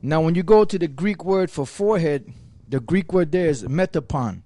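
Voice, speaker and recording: Guy preaching hard, kinda high voice, super dry close sound. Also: expressive, moderate pace, dark tone, no echo. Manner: emphatic, reads scripture aloud. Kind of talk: sermon-style teaching.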